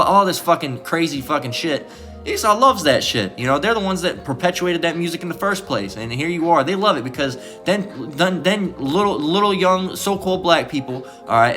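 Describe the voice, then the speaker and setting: Brief: emphatic, profane man preaching, bright tense tone, habit of asking "all right?". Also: a little high. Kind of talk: informal preaching lesson.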